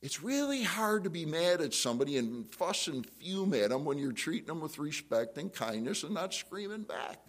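A middle-aged man preaching a sermon, telling a story and acting out the voices in it with big jumps up in pitch. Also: normal speed, hardly any pauses. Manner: animated storytelling, jumps high to act out quotes. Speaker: pastor. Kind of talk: sermon with acted-out anecdote.

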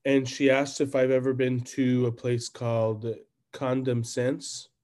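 A man, co-hosting a podcast, who tells crude stories and cracks his voice high when he's amazed. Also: completely flat delivery, unhurried, darkish tone. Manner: profane storytelling, voice jumps up when incredulous. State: coughing when he laughs. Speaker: podcast co-host. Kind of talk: crude casual chat.

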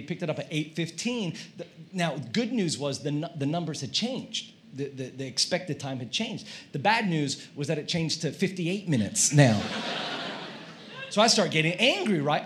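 A male pastor preaching a sermon, telling a comic story in an animated way and acting out his own shouting. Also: fairly high pitch, a little hiss or hum. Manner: animated, acts out quoted shouting.

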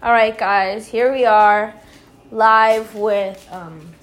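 A woman's voice: on the high side, fairly even intonation, extremely slow, distant mic. A young woman hosting a casual group vlog, rambling and giggly, saying "like" a lot. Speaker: vlogger. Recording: echoey room with faint noise.

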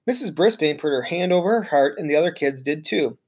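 A reader narrating a children's storybook aloud in an expressive, lively way. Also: mid-range voice, a little fast, husky.

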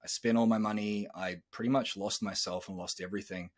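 A man's voice: on the low side, fairly even intonation, fairly quick. A man in his thirties hosting a podcast, telling a personal story in a candid, earnest way and swearing casually. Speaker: podcast host.

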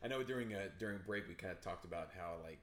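A man's voice: deep voice, fast talker, fairly bright tone. A young man co-hosting a casual podcast chat, laid-back, swearing freely and trailing into fillers. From New Jersey. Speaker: podcast co-host. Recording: echoey room with faint ambient noise.

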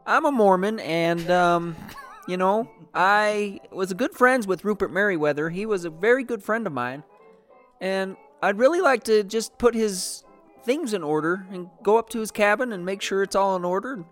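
A woman's voice: mid-range voice, animated, moderate pace, faint music behind, lightly acted. A woman playing an earnest, polite male missionary who talks eagerly with small hesitations.

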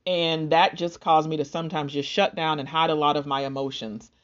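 A woman's voice: sits low, fairly even intonation, fairly quick. A young woman earnestly recounting a personal loss and her faith, in an emotional, storytelling way. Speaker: speaker sharing a personal testimony. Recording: dull lo-fi sound.

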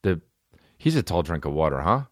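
A man's voice: low-pitched, very animated, fairly quick, no room sound, studio quality. A man hosting a podcast, ranting casually and profanely with rambling asides and mock rap lines. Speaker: podcast host. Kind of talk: casual comedic rant.

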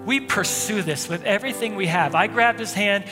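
A pastor preaching a sermon, telling a personal story in a loose conversational way with frequent restarts. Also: male voice, sits high, normal speed. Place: church sanctuary. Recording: long hall reverb, faint music.

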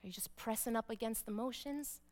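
A woman pastor preaching a sermon, emphatic, repeating key phrases and dropping to a hush for weight. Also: on the high side, brisk.

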